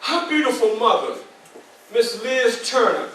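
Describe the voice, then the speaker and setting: 60s guy motivational speaker, preachy and repeats himself, high bright voice, mic kinda far off. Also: expressive, a little slow, a little hiss or hum. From New York. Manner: preacher-like, repetitive, addresses audience directly. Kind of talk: motivational speech. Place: club meeting hall. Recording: echoey hall, mic at a distance.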